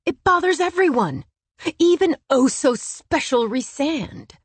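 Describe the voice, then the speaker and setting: A woman reading the lines of a proud, sharp-tongued young woman, snapping back in a raised, defiant voice. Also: mid-range voice, measured pace, breathy edge, no echo.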